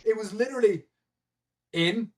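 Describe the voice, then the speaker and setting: A man telling a story in a casual podcast chat, animated and laughing, with many fillers and restarts. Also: sits high, moderate pace. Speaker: guest, event admin.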